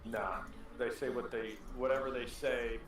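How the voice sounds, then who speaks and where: A man's voice: mid-range voice, fairly even intonation, normal speed, noisy background. A man with a laid-back, wry manner chatting during a group game session. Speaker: co-player friend. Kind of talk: casual gaming voice chat. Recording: distant, roomy voice chat.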